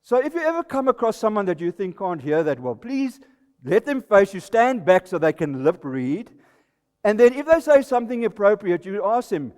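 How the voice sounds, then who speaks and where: A man's voice: high voice, very animated, moderate pace, a little mellow. A South African man in his sixties giving a comic, self-deprecating talk on stage at a live presentation night. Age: 60s. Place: live event venue hall. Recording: reverberant hall recording.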